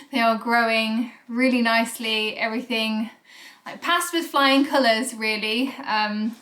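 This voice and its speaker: A woman's voice: fairly high pitch, steady tone, slow pace, sharp tone. A young woman, vlogging to camera in a rambling, chatty way, a little out of breath. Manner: chatty, rambling with fillers and restarts. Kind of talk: casual chat to camera.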